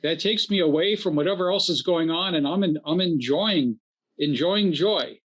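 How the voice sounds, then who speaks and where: A man's voice: a little high, normal speed, fairly bright tone. A man, a rabbi co-hosting a casual talk, reflective and fond of humor. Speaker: rabbi, co-host. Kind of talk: casual conversation.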